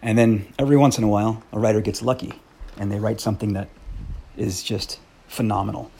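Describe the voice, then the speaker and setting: A man's voice: lowish voice, steady tone, a little fast, creaky, warm tone, slight background noise. A man hosting a podcast in a candid personal monologue, blunt and swearing freely, partly reading aloud his own old essay. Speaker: podcast host.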